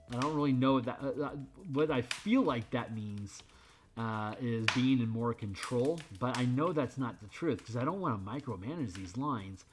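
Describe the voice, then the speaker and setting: A man talks through his drawing session in a loose, rambling way, candid and quick to swear. His voice sits at an ordinary middle pitch, and faint music plays underneath. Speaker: streamer drawing art. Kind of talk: casual rambling stream chat.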